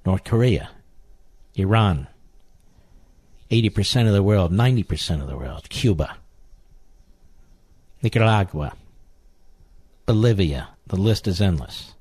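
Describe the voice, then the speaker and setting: A man's voice: low voice, lively intonation, a little slow, long pauses, a little mellow, breathy edge, no echo. Man, talk radio host, indignant monologue, repeats for emphasis, dry close sound.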